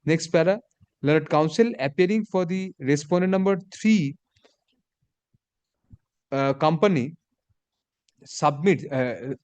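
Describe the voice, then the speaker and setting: Judge, man, dictates orders slowly with spoken punctuation, higher voice, dry close sound. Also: darkish tone, clean tone, dry recording. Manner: measured dictation, reads punctuation aloud. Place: courtroom.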